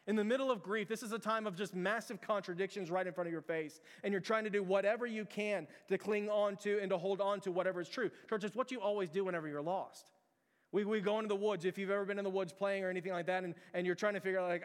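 A man's voice: sits high, steady tone, fast talker. A man preaching a sermon as pastor, earnest and repetitive, often restarting his phrases. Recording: long hall reverb.

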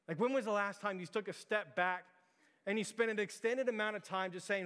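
A man preaching a sermon as pastor, casual and animated, telling stories with lots of "like" to his church. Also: high voice, brisk, smooth. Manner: conversational, animated, storytelling with lots of "like". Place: church sanctuary. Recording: long hall reverb.

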